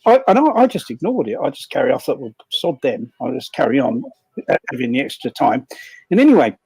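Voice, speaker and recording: A man's voice: medium pitch, sing-song, a little fast, creaky, darkish tone, slightly rough, dry recording, low-quality recording. A man, rambling through an anecdote on a livestream and acting out the dialogue, often repeating words as he goes. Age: 60s. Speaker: guest storyteller.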